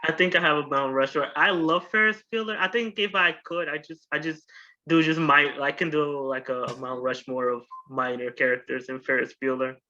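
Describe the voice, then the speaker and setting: A man's voice: on the high side, steady tone, normal speed, sharp tone, muffled recording. A man co-hosting a podcast in casual chat, rambling with lots of restarts. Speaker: podcast co-host.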